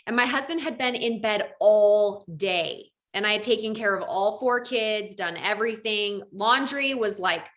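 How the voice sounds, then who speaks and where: A woman's voice: medium pitch, bright, forceful tone. A woman coach telling a personal story to a group over a video call, acting out quoted lines with lots of animation. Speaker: network marketing coach.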